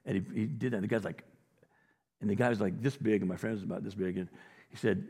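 A man's voice: lowish voice, quick pace, darkish tone, breathy edge. A male pastor giving a sermon, telling stories in a conversational way and rising to emphatic points. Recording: reverberant hall.

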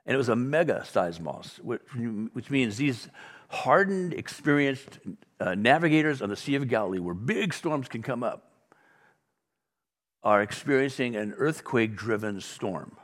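A man's voice: medium pitch, moderate pace, long reverb tail. A male pastor preaching a sermon, talking conversationally and telling stories to the congregation. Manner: conversational, animated storytelling with asides to the congregation.

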